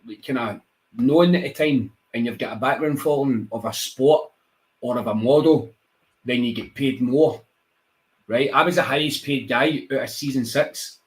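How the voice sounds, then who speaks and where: Speaking at a moderate pace with a medium pitch, this man from Scotland is a wrestler visiting a radio show. He chats casually, telling stories with lively energy, voicing the characters himself and laughing a lot.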